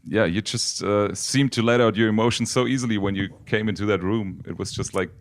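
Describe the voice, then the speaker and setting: Guy, radio interviewer, really low voice, halting english with lots of uh, dry studio sound. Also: no room sound. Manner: hesitant, searching for words.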